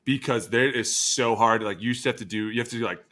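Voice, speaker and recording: A man's voice: mid-range voice, quick pace. A man in his thirties, a former football lineman co-hosting a podcast. He tells stories with energy, swears freely and acts out what people said. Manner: animated storyteller who acts out quotes, swears freely, laughs often. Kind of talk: casual chat.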